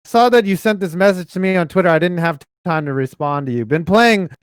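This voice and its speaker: A man's voice: high-pitched, animated, fairly quick, clean tone, no echo. A man co-hosting a podcast in casual chat, joking and riffing with plenty of profanity. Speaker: podcast co-host.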